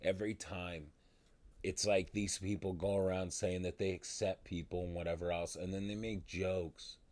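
Low-voiced man in a frustrated rant. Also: level tone, a little mellow. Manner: exasperated, swearing, halting restarts. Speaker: vlogger. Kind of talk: angry vlog rant.

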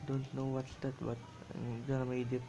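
A man's voice: medium pitch, monotone, moderate pace, low-quality recording. A man giving rambling, self-amused commentary as he draws, in broken English phrasing. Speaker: drawing vlogger. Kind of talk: rambling commentary while drawing.

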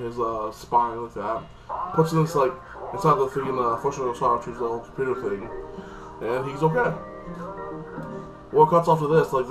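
A man giving a casual, rambling spoken recap and review of a TV episode, full of fillers and restarts. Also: mid-range voice. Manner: rambling, filler-heavy, lots of "like". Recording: distant mic with loud music.

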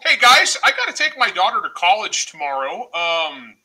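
A middle-aged man chatting loudly on a livestream, joking and laughing often. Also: sits high, very animated, normal speed, slightly rough, rough recording. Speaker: guest author. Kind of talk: casual livestream chat.

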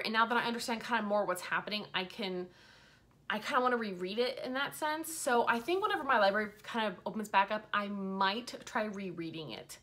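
A woman's voice: fairly high pitch, fairly bright tone. A young woman talking casually as a book vlogger, rambling frankly, full of fillers and swearing freely. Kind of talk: casual chat.

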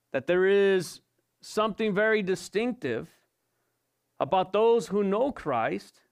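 A male pastor giving an evening sermon, asking rhetorical questions and repeating his points for emphasis. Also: high-pitched. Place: church service.

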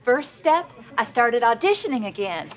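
A woman telling her own story as the lead of a comedy mockumentary, earnest and self-deprecating, awkward and halting at an audition. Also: fairly high pitch, big pitch swings. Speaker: comedic narrator and lead character. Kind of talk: deadpan mockumentary narration.

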